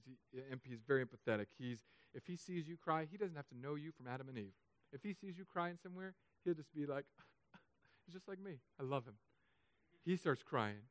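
A man preaching a sermon as pastor, emotional, swinging between loud urging and soft, hushed stretches. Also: mid-range voice, no echo.

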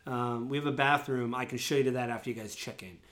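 A man's voice: mid-range voice, fairly even intonation, quick pace, fairly bright tone, natural voice. A man voicing a formal, accommodating male elf concierge in a tabletop game. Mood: courteous.

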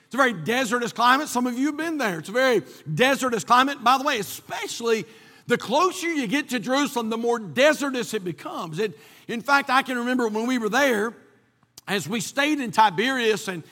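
A man's voice: very high-pitched, pushed and bright, big-room sound. A man from North Carolina, preaching a sermon and telling a folksy personal story with many restarts. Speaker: pastor.

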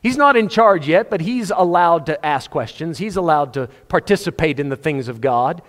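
A man preaching a sermon, telling the story with animated, acted-out scenes. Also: on the high side, normal speed. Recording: long hall reverb.

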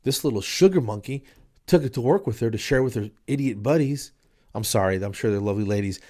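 A man's voice: mid-range voice, expressive, fast talker, warm tone. A man hosting his own podcast in a casual solo chat, rambling and joking with lots of fillers, a bit nasal and stuffy from allergies. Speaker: podcast host. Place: spare room downstairs.

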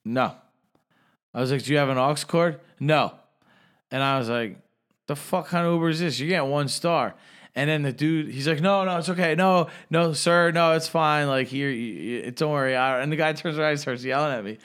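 A young man co-hosting a podcast, telling a drunken story in casual, profane chat and loudly acting out the people he quotes. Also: medium pitch, a little fast, smooth. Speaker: podcast co-host.

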